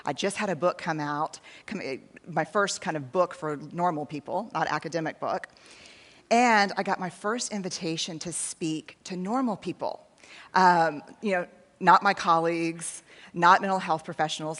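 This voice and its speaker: A woman in her forties with a Texan accent speaks in a fairly low voice, telling a story on stage to a crowd in a keynote talk. Her delivery is conversational and self-deprecating, and she acts out snippets of dialogue as she goes. The sound rings with the long reverb of a large hall. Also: moderate pace, a bit bright. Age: 40s. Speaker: researcher and speaker.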